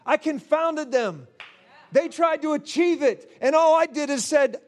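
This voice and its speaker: Fervent high-voiced male preacher. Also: measured pace. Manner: fervent, exclamatory, with shouts and laughs. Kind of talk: charismatic sermon.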